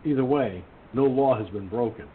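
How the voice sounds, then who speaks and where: A man's voice: mid-range voice, normal speed. A male internet radio host who reads news items aloud and then rants about them, indignant and swearing. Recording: tinny phone-line sound with faint hiss.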